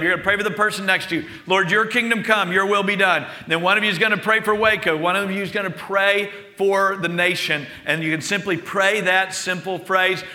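A man, a pastor leading a congregation in slow, earnest prayer and teaching. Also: high voice. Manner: slow, earnest prayer with softer intimate passages. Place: church sanctuary with long reverb. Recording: long hall reverb.

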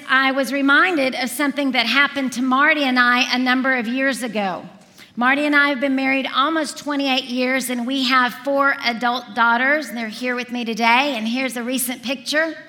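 A woman in her forties preaching, telling a lively story to a congregation and acting out the dialogue. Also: high-pitched. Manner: animated storyteller, acts out dialogue. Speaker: speaker at a church service. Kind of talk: storytelling sermon. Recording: reverberant hall.

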